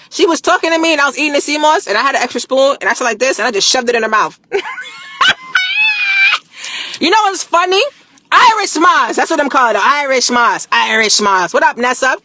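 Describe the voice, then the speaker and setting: A woman chatting casually on a live stream. She is animated, slangy and emphatic, repeats phrases for emphasis and laughs often. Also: high voice, fairly quick, no room sound. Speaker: livestreamer promoting a product.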